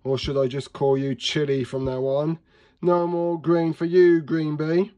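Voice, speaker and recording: A man's voice: medium pitch, a little slow, a little mellow, dull audio, close to an everyday voice. A gleeful little pea villain from a children's storybook, as a man puts him on, sneering and hissing his lines. He cackles as he gloats, all spite and mischief. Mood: gloating.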